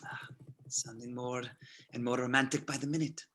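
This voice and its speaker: A man reading the part of a suave, menacing SS colonel in an amateur script reading, soft and toying, with a husky voice. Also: medium pitch, level tone, normal speed. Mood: probing.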